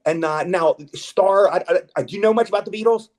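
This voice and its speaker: A man's voice: sits high, fairly quick, a little mellow. A man chatting as a guest in a casual interview, rambling and eager, with stammered restarts. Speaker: guest actor.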